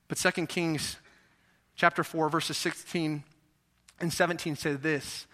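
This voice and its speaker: A man preaching a sermon in a church, animated, acting out voices and asking his listeners questions. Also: on the high side, a little slow, pauses often. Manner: animated, acts out voices, asks the audience questions. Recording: echoey hall reverb.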